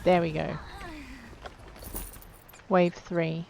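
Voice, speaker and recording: A woman's voice: lowish voice, flat delivery, very slow, creaky, mellow, a little hiss or hum. A woman casually commenting on her video game playthrough, chatting to the characters and joking at herself. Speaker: gamer playing through a game.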